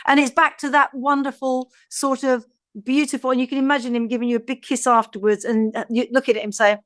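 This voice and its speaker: A woman's voice: high-pitched, steady tone, fast, no room sound, studio quality. A woman co-hosting a casual Bible study podcast, laughing often and reading passages aloud. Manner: warm-hearted, laughs often, reads scripture aloud. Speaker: podcast co-host.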